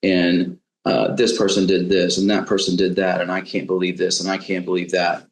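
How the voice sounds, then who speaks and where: A man with a deep, low-pitched voice shares his thoughts in a measured, halting way, often repeating words as he searches for them. His voice carries the noticeable echo of a roomy space. He speaks as a guest in an interview. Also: completely flat delivery. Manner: halting, many restarts and fillers. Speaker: podcast guest. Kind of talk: reflective interview talk.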